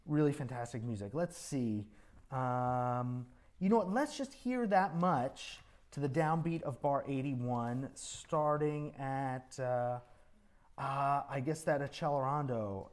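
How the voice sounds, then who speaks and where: Man running a composition master class in a music school rehearsal room. His voice sits at a middle pitch. He is encouraging and sings out rhythms to show phrasing. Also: takes it slowly. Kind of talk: coaching a student composer at a rehearsal.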